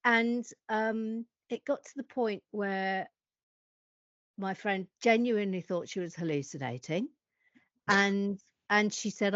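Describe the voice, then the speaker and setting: A woman, a podcast guest telling a story in a lively, self-mocking way. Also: medium pitch, takes it slowly, no echo, dull audio. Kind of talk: animated anecdote telling.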